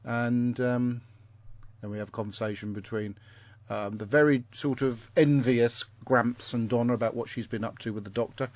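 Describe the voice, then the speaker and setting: This podcast host chats casually at home about an episode, rambling, joking and leaning on lots of fillers. His mid-range voice is darkish and fairly even at a normal pace, captured in a dull, dry, lo-fi recording.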